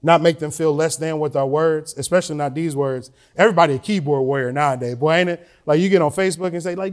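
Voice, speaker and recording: A man's voice: fairly high pitch, fast talker, few pauses. Preaching man with a lilt. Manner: conversational preaching with rising emotional emphasis. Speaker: pastor. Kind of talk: sermon. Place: church sanctuary.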